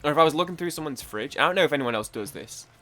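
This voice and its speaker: A man's voice: a little high, expressive, rapid-fire, sharp tone. A young British man rambling chattily through casual let's-play commentary, full of fillers and swearing. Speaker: gaming YouTuber.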